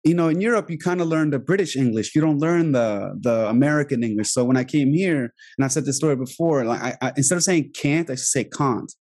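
A man from Albania hosting a casual interview, relaxed and giving short listening replies. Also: mid-range voice, fast talker, few pauses. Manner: relaxed, frequent short backchannels. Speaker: interviewer, host.

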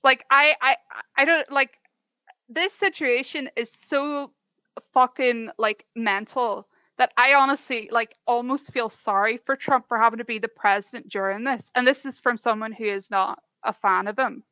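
A woman's voice: a little high, moderate pace, bright, forceful tone, clean tone, no echo. Blunt, sweary Irish woman. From Ireland. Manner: blunt, swears freely, exasperated teasing. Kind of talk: casual debate chat. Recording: dull lo-fi audio.

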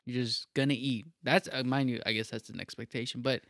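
A young man in casual chat, talking in a relaxed, rambling way and repeating himself often. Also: medium pitch, brisk, creaky, no echo, clean studio sound.

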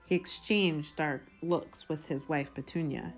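Low-voiced woman reading aloud. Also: a little slow, faint music behind. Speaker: reader.

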